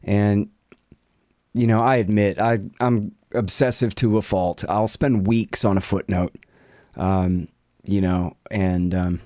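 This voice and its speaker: Rambling, low-voiced male podcast host. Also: steady tone, slow, dark tone, dry recording, studio quality. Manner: rambling, profane, self-deprecating, lots of fillers. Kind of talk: casual Q and A chat. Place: home office.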